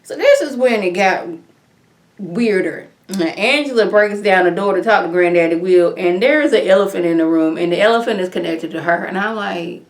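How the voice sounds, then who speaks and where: A woman talking through a TV episode in a loose, conversational review. Her voice sits in a middle pitch, and she fills her sentences with "like" as she rambles. She jumps up sharply in pitch for her incredulous reactions. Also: normal speed, roomy sound. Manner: chatty, rambling, with frequent "like" fillers. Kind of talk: casual spoken review. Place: home.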